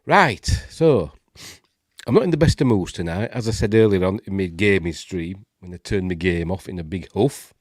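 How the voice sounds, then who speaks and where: A man's voice: deep voice, a little fast, hardly any pauses, darkish tone, no room sound, clean studio sound. A man with a Yorkshire accent hosting a casual live stream, congested and snuffly, chatting and grumbling with lots of fillers and asides. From Yorkshire, England. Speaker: host of a live news stream.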